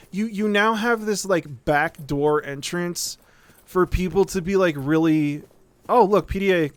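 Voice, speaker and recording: Smooth, dry-voiced man ranting while gaming. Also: high voice, measured pace, no echo. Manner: rambling, profane, keeps asking "right?". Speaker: streamer. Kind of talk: casual live-stream rant while gaming.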